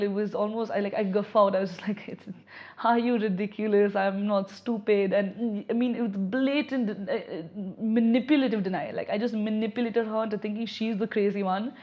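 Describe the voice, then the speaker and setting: A young adult woman giving candid personal testimony in an interview, reflective and halting, often restarting her sentences. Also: mid-range voice. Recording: slightly dull lo-fi audio.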